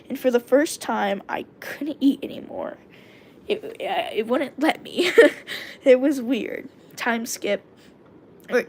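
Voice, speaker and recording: A woman's voice: medium pitch, vocal fry, darkish tone, slight background noise. A woman streamer reading her own first-person story aloud, talking casually and breaking off for asides to her viewers. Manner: casual, with self-corrections and asides to chat.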